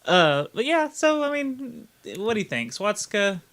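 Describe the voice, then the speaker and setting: Bright-voiced man in casual podcast chat. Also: high-pitched, very animated, measured pace. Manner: rambling, stops and restarts, laughs at his own points. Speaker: podcast co-host.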